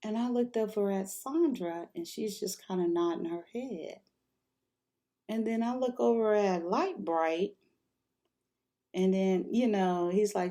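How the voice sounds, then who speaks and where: A woman's voice: medium pitch, a little slow, mellow. A middle-aged woman tells a personal story in loose, casual vlog talk. She is frank and candid, laughs often and swears without a second thought. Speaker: vlogger.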